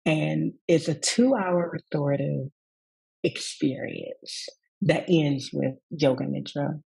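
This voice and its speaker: Southern US woman, rest coach; husky, gravelly voice; reflective storyteller in an interview. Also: deep voice, takes it slowly, poor audio. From Southern United States. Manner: warm, reflective storytelling with acted quotes. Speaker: rest coach and yoga teacher.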